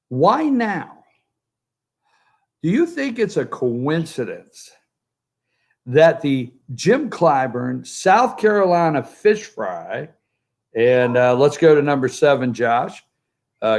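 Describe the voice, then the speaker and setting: A man giving joking, sarcastic political commentary from a remote spot by a pool. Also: medium pitch. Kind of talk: opinionated political talk. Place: outdoors by a pool, remote from the studio.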